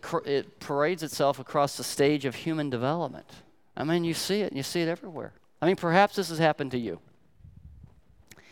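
An older man preaching a sermon, telling stories emphatically with sharp swings in loudness. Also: on the high side, clean tone. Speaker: pastor.

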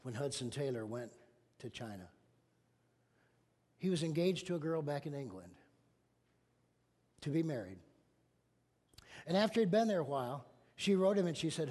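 In a sermon that sounds like it's coming from a big room, a middle-aged man serving as pastor speaks at normal speed with a fairly high pitch, pausing often. He acts out the voices of the people in his stories, and his volume rises and falls dramatically.

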